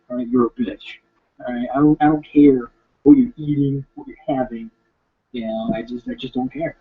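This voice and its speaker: A man's voice: medium pitch, dark tone, slightly rough. A young man hosting a video and rambling bluntly and profanely through viewer questions, with many fillers. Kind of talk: casual rambling chat. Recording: lo-fi dull sound.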